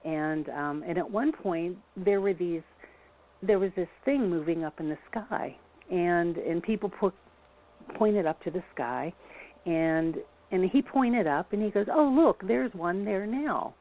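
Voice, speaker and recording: Rambling woman historian guest with a slightly low voice, heard over a phone line. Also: a little slow. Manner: rambling, many restarts and fillers. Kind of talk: casual storytelling on a phone-in show.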